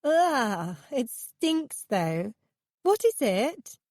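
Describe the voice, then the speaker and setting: An excitable young woman painter chatters in a high, squealing voice, as a woman narrator puts her on. The tone is dark and mellow, and the audiobook recording is close and dry. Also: very slow, dry recording, exaggerated voice. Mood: eager.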